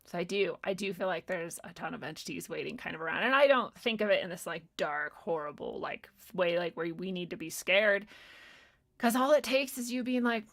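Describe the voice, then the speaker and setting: A woman hosts a spiritual livestream in a relaxed, rambling way. She swears freely and laughs often as she muses aloud, and at times she reads out comments from viewers. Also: on the low side, moderate pace. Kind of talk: casual spiritual talk.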